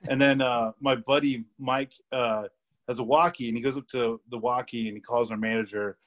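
A man's voice: mid-range voice, steady tone, normal speed, fairly bright tone. A young man guesting on a podcast, telling work stories in a rambling, laughing way with lots of fillers and swearing. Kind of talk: casual storytelling chat.

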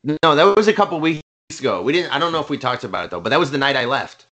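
Lively man chiming in on a podcast. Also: medium pitch, dull audio. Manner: chiming in, quick reactions. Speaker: podcast co-host. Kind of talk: casual podcast chat.

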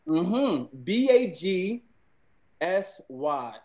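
A man reads out slang words for his friends to guess in a loose chat. He is giggly and playful. His voice sits on the higher side. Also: big pitch swings, very slow, a little mellow, low-quality recording. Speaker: quiz giver reading out slang words. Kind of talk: casual chat.

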